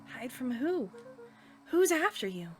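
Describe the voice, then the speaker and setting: A woman's voice: high voice, big pitch swings, takes it slowly, a little mellow, soft background music, full character voice. A woman voicing an earnest, caring young boy hero in a game she plays. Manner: earnest, anxious.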